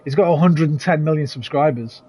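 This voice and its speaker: A fairly high-pitched male voice, darkish and slightly rough, comes a little fast. It belongs to a gaming streamer who swears freely, greets viewers by name, and keeps up casual chat during play.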